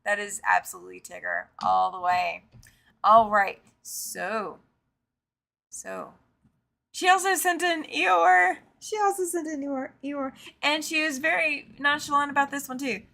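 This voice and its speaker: A woman's voice: high voice, fairly even intonation, measured pace, vocal fry, sharp tone. A woman hosting a live quilting show, chatting casually, reading out viewer comments and laughing easily, often trailing off and repeating herself. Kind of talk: casual live-stream chat.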